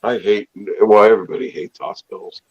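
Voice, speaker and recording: A man's voice: on the low side, fairly quick. A man in casual chat, easygoing and enthusiastic as he talks about food, heard on a dull lo-fi recording. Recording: dull lo-fi sound.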